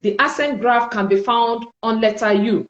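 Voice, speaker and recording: A woman with a fairly high voice leads a French lesson, slow and deliberate, repeating each sound so learners can follow. Her voice rings in an echoey room. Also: highs cut off. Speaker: French teacher. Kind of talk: spoken language lesson.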